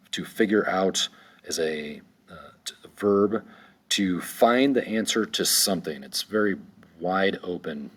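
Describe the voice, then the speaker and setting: A man's voice: low voice, fairly bright tone, breathy edge. A male teacher going through vocabulary words, saying each one several times for pronunciation, with frequent ums. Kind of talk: recorded vocabulary lesson.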